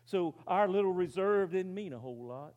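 Man preaching with dramatic hushes. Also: high-pitched, animated, normal speed, highs cut off. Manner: dramatic storytelling, rises loud then drops very quiet; asks the audience rhetorical questions. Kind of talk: sermon illustration.

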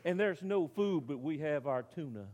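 Man preaching with dramatic hushes. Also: on the high side, lively intonation, moderate pace, slight background noise. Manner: dramatic storytelling, rises loud then drops very quiet; asks the audience rhetorical questions. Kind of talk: sermon illustration.

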